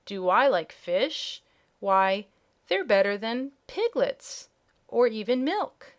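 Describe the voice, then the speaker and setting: Storybook kitten, female, hungry and whiny; slow, drawn-out lines, voiced by a woman narrator. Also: mid-range voice, lively intonation, lightly acted. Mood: eager. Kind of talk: audiobook character voice.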